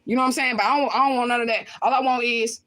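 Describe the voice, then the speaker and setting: A woman's voice: fairly high pitch, steady tone, fast talker, pushed and bright. Blunt, profane woman streamer. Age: adult with children. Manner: blunt, profane, emphatic, repeats lines. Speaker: channel host reading viewer comments. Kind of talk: livestream chat.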